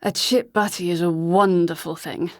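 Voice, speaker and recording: A woman narrator voicing a young, well-bred man who speaks in a measured, matter-of-fact way. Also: high voice, husky, no echo, clean studio sound. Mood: tipsy, slurring. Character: young well-bred Englishman, earnest and careful.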